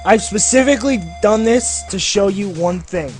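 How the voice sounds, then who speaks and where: A man's voice: high voice, normal speed, soft background music. A man ranting sarcastically over gameplay as a game reviewer, swearing constantly and sounding fed up. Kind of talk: profane gameplay commentary rant.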